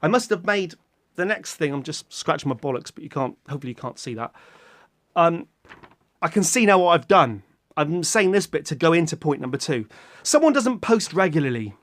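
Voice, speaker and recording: Rambling British man with a high-ish voice. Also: brisk, dry recording. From Britain. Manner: rambling, self-mocking, with sudden loud animated outbursts; swears casually. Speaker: YouTuber. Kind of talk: casual rambling vlog chat.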